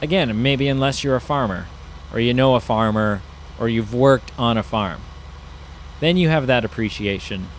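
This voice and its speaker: A man's voice: mid-range voice, moderate pace, slight background noise. A man giving casual, rambling commentary while playing a farming game, musing aloud with lots of fillers. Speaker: gaming YouTuber.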